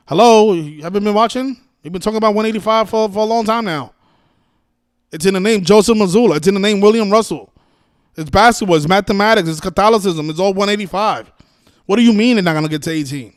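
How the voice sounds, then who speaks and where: A man's voice: high voice, fast talker, no room sound, clean studio sound. A man hosting a livestream, scolding his viewers in an exasperated, profane rant with many restarts and repeated words. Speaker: livestream host. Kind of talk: ranting livestream monologue.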